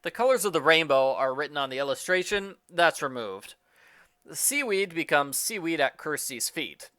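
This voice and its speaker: A man briskly reading out a matter-of-fact list of changes made to a book. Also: on the high side, sharp tone, dry recording, studio quality. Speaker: book reviewer listing edits.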